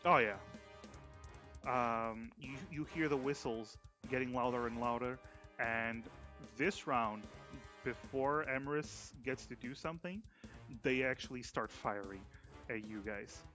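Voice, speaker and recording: A man's voice: mid-range voice, measured pace, sharp tone, soft background music. Male game master, mid voice, casual narration full of fillers. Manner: casual, descriptive, with frequent fillers.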